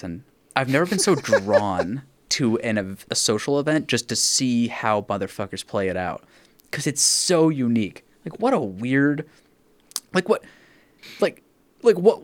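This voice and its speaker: A man talks in casual podcast chat with a lively, swooping pitch. He rants, swears and laughs as he talks. The sound is close and dry, with little room. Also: dry recording. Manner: animated, profane, laughing rants. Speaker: podcast host.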